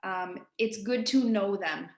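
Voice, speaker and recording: A woman with an East Coast Canadian accent, a real estate agent giving colleagues a casual, direct software tutorial. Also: mid-range voice, slow, reverberant. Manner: chatty, direct, addresses listeners as guys.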